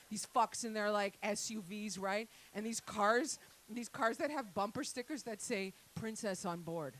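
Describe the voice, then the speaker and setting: A woman's voice: mid-range voice, measured pace, hardly any pauses, fairly bright tone, poor audio. A woman doing a crude, rambling stand-up set with lots of asides to the crowd. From Italian-Canadian family. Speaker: stand-up comedian. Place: comedy night venue.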